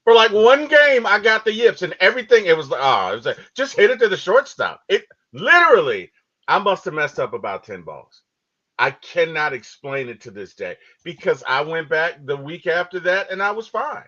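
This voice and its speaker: A man co-hosting a podcast, chatting casually about a movie and telling stories with lively acted-out quotes. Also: sits high, normal speed. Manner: animated storytelling, acts out quotes. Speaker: podcast co-host. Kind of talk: casual movie review chat. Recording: dull lo-fi audio.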